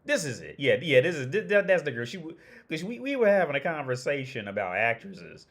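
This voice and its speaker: A man's voice: a little high, sing-song, a little fast. Rambling, profane man chatting casually on stream. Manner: rambling, profane, laughs often, many restarts. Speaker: livestream host. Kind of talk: casual livestream chat.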